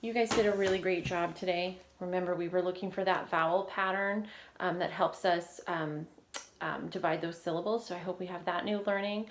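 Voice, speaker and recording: A woman teacher leading a phonics lesson for children, slowly drilling sounds and praising often. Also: on the low side, fairly even intonation. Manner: slow, encouraging, drilling sounds with frequent praise. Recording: echoey room with faint noise.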